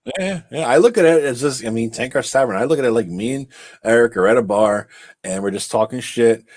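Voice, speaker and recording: A man's voice: medium pitch, a little fast, darkish tone, no room sound. A man co-hosting a casual livestreamed podcast. He is laid-back and chatty, and laughs often. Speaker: podcast co-host.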